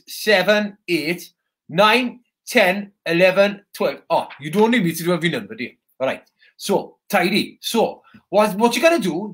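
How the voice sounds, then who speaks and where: Playing a soldier character, a high-voiced Welsh man hosts a live interactive broadcast for children, excitable, shouty and chatty with viewers, in a roomy, echoing space.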